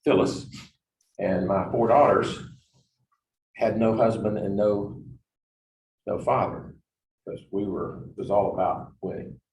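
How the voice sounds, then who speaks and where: Low gravelly guy presenting, telling stories, loud bits then quiet asides, echoey room. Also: fairly even intonation, takes it slowly, pauses often, slight background noise. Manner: anecdotal, swings between loud emphasis and quiet asides. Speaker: presenter on negotiation. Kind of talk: storytelling presentation. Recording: echoey room, distant mic.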